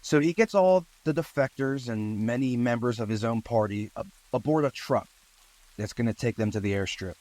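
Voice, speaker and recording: A man narrating a true-crime story in a relaxed, conversational way, with asides and fillers. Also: medium pitch, moderate pace, no room sound, rough recording.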